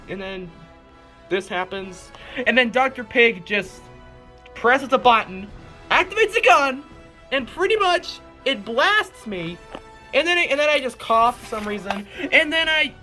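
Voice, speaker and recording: A young woman reading her own old comics aloud, with animated, exasperated comedic commentary and laughing disbelief. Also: fairly high pitch, moderate pace, faint music behind.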